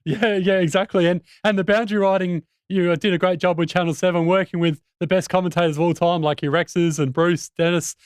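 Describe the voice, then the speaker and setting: Male host, quick and high-voiced, eager interviewer, dry close mic. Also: steady tone, smooth, no echo. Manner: eager, stumbling questions. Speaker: podcast host. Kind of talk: casual interview.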